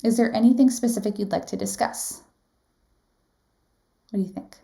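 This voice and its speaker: Gravelly-voiced woman teaching a live class. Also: fairly high pitch, normal speed, dark tone. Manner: conversational, asks the audience questions, frequent "um" and "right?". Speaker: nursing exam instructor.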